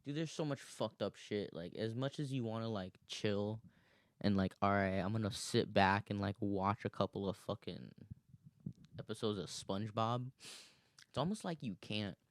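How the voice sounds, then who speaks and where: Casting: man in his twenties, low voice, loose rambling solo podcast talk, swears freely, laughs between thoughts. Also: moderate pace, no room sound, clean studio sound. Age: 20s. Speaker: podcast host. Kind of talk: casual solo monologue.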